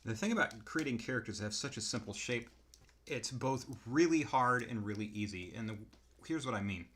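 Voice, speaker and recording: A man sketches and explains character design as he goes, musing aloud in a relaxed, unhurried way. His voice is mid-pitched and fairly bright, with lively intonation.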